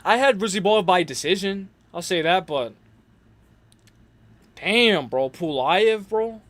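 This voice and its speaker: A man's voice: high voice, animated, slow, fairly bright tone, no room sound. A young man hosting a casual livestream, rambling in slangy talk full of fillers and restarts. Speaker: host.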